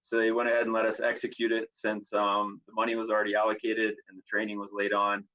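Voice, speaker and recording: A man answering interview questions over a video call, relaxed and rambling with plenty of fillers. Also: on the low side, fast, highs cut off. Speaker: guest athlete. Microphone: computer on a video call.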